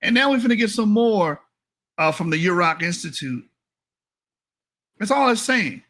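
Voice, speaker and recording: High bright guy doing heated reaction commentary, mocking, swears a lot. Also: expressive, moderate pace. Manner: mocking, profane, lecturing.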